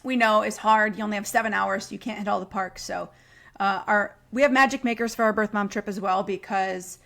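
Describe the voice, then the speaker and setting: A woman is a guest on a podcast interview. She has a mid-range voice with a gravelly, fry-laden texture and tells stories in a chatty, enthusiastic way. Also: mid-range voice, fairly even intonation, brisk, fairly bright tone.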